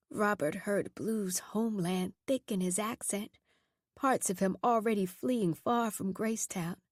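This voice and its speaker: A woman narrating a horror audiobook in a measured, steady storytelling voice. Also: medium pitch, no room sound, clean studio sound.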